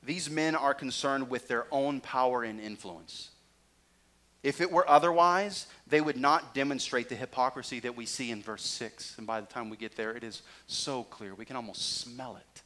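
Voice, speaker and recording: A male pastor in the middle of a sermon, with a voice of ordinary pitch. He preaches dynamically, rising to loud, pointed emphasis and then dropping to quiet, low asides. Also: normal speed.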